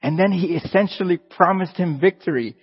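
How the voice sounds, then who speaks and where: A man's voice: high-pitched, fairly quick, slightly rough. Man preaching in a reverberant hall. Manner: conversational preaching with rising emphatic bursts. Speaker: pastor. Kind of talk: sermon. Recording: dull lo-fi sound with long hall reverb.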